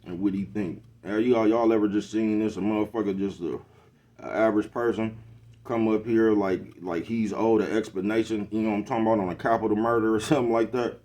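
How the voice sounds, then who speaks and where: A man's voice: on the low side, fairly even intonation, quick pace, dark tone. A middle-aged man ranting casually to the camera, laid-back and slangy, always asking if you know what he's talking about. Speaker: vlogger hosting his own show.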